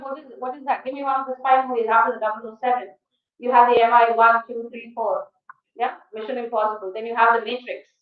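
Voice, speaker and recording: High-voiced woman lecturing in an echoey hall. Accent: Indian English. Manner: rhetorical questions to the class; emphatic, animated. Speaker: guest lecturer. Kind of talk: college guest lecture. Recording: echoey hall, distant dull mic.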